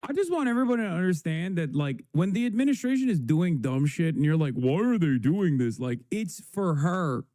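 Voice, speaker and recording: Male streamer, exasperated, sarcastic, swears freely; higher-set but mellow tone, dry sound. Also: very animated, a little fast, few pauses, no room sound. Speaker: live streamer reacting to clips. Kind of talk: casual profane commentary.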